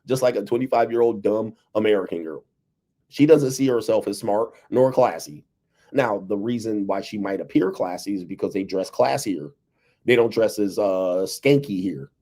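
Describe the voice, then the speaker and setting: A man's voice: lowish voice, dark tone. A man hosting a casual livestream, talking loosely to his viewers, laughing often and reading out chat messages. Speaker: livestream host.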